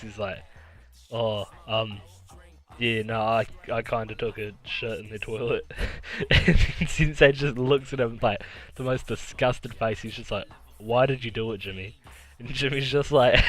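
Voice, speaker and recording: A man's voice: medium pitch, steady tone, normal speed, a bit bright. A man vlogger telling a story in a casual, profane way, laughing often as he talks.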